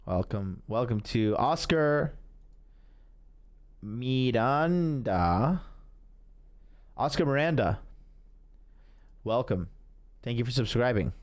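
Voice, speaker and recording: A man's voice: mid-range voice, animated, takes it slowly, long pauses, very noisy. A man hosting a podcast, giving blunt, boastful commentary. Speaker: podcast host. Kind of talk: casual commentary.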